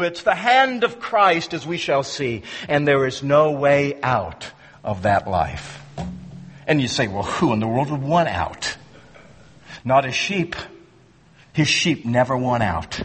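A man preaching a sermon with emphatic stresses, dropping to hushed low words and repeating phrases as he presses his point. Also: lively intonation, slow pace, breathy edge. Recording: long reverb of a large hall.

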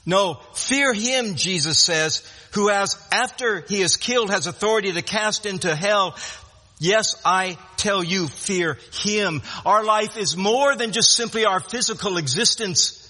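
A man's voice: high voice, measured pace, pushed and bright, long reverb tail. A man preaching a sermon in an emphatic way, often repeating words and restarting phrases.

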